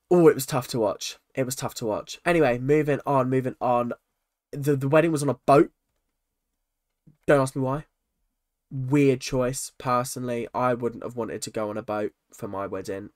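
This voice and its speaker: A man's voice: medium pitch, normal speed, a little mellow, no room sound. Young male vlogger, exasperated ranting commentary, dry close sound. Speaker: reaction vlogger. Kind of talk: casual commentary on a reality show.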